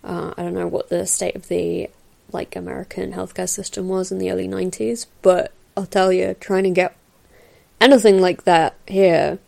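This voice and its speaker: A woman's voice: on the low side, fairly even intonation, normal speed, gravelly, a little mellow. A woman hosting a casual film commentary, chatting in a meandering way with lots of fillers and little laughs. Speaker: podcast host doing a film commentary. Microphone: new podcast mic.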